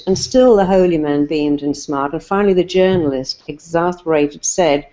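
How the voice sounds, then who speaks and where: A woman speaks as a therapist, with a low, mellow voice. She gives emphatic, repetitive motivational advice and builds her points through lists and stories. The recording sounds slightly muffled and lo-fi. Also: moderate pace. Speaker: therapist guest.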